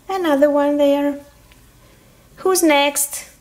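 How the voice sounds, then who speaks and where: Slow high-voiced woman playing with toys. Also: lively intonation, darkish tone. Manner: cheerful, sing-song train sounds. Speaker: toy video host voicing a conductor doll. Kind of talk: toy play narration for children.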